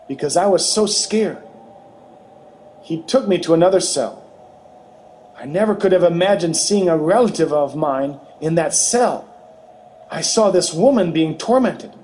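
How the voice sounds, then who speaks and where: A man with a high voice reads a testimony very slowly. His delivery is measured and earnest, with faint noise behind him. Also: dark tone, poor audio. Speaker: narrator of a testimony. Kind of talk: slow testimony reading.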